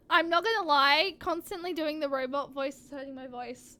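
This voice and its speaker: A woman streaming a game live, chatting casually and exclaiming excitedly. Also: sits high, normal speed, hardly any pauses, dry recording. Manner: excitable, exclaims and laughs often.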